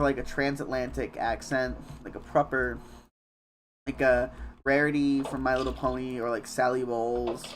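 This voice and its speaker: A young man streaming a game from home, chatting casually in a rambling, halting, self-deprecating way with some swearing. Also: mid-range voice, slight background noise. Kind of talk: casual live-stream chat while gaming.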